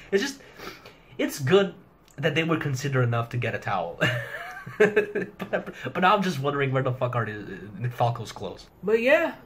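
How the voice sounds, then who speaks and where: A man's voice: medium pitch, slight background noise. A young man giving a rambling casual review of a manga chapter, swearing heavily and laughing often. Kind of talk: casual commentary.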